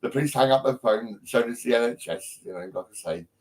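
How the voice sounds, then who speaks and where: A man's voice: mid-range voice, brisk, rough recording. A man from England on a live stream from his home, talking in a rambling way with lots of ums and restarts and heavy swearing. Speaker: livestreamer. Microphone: phone.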